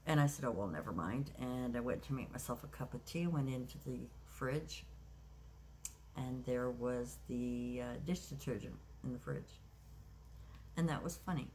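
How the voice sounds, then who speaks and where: A woman in her sixties shares a personal story in a relaxed vlog. Her voice sits very low. Her delivery is reflective and halting, full of pauses and restarts, with a faint hiss behind it. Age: 60s. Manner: reflective, unhurried, with many um's and restarts. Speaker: craft vlogger.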